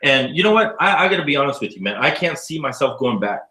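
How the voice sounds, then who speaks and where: Animated fifty-year-old man telling stories. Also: fairly high pitch, fast, reverberant, poor audio. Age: 50s. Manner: animated, profane storyteller acting out dialogue. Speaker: interviewee, educator living abroad. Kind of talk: casual interview, storytelling.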